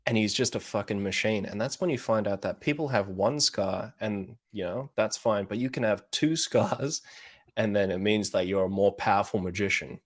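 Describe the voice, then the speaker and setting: A man's voice: lowish voice, moderate pace. A man chatting casually on a podcast, retelling a story loosely with lots of swearing and laughter. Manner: loose, profane, laughs often while telling. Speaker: podcast co-host. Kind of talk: casual chat, retelling a show.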